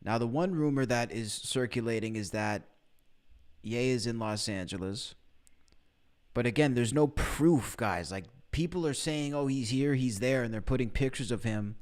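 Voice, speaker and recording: A man's voice: medium pitch, moderate pace, a little mellow. A man hosting a livestream podcast, explaining news to the chat. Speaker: podcast host. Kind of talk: livestream commentary.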